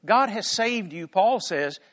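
A man with a high voice preaching a sermon. He teaches scripture emphatically, dropping soft and then rising loud, and keeps posing rhetorical questions to his listeners. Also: animated, slow, long reverb tail.

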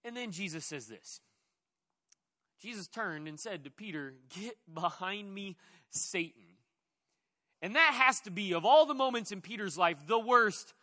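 A male pastor preaching in an animated, conversational style. His voice is high and bright, and he keeps the talk light with playful asides. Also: moderate pace. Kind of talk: sermon.

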